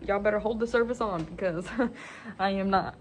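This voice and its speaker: Brief: young adult woman, casual vlogger, excitable and gushing, mid-pitched, faint background hiss. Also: moderate pace. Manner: excitable, gushing, lots of "like" and "literally". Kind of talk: casual faith vlog.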